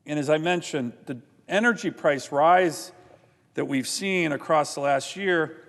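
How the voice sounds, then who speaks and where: A man giving an indignant, forceful floor speech as a senator, often repeating his points. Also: a little high, a little slow, big-room sound. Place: large legislative chamber.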